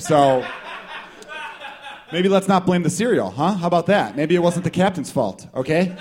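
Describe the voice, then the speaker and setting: A man's voice: fairly high pitch, normal speed, slight background noise. Profane, riffing stand-up comic man. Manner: profane, riffing, animated delivery. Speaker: stand-up comedian. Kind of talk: stand-up comedy set. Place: live comedy show with small crowd.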